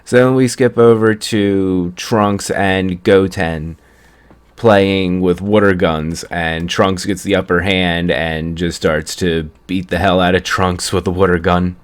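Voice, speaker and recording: A man's voice: low-pitched, fairly even intonation, slow pace, smooth. A young man casually recapping an anime episode in a rambling way, chuckling at the story as he goes. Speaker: anime reviewer.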